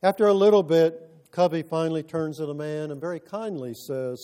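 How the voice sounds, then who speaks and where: Mellow-voiced male preacher, earnest and measured. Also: fairly high pitch. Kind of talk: sermon.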